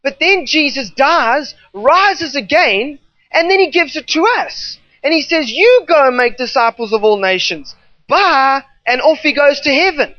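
This emphatic preacher has a high, sharp voice with lively intonation and a measured pace, repeating himself for effect and slipping into off-the-cuff tangents. There's no room sound at all; the dry recording comes across slightly dull and muffled.

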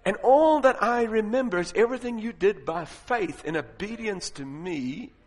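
A man voicing a kindly, joyful Jesus as judge in a sermon, gentle and warm. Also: sits high, lively intonation, normal speed. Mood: gentle, earnest. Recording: long hall reverb.

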